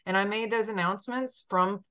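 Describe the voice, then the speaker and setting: A woman's voice: mid-range voice, a little fast, a bit bright. A woman hosting a podcast in casual chat, gushing and chatty with many ums, talking over a video call. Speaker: podcast host. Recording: dull lo-fi sound.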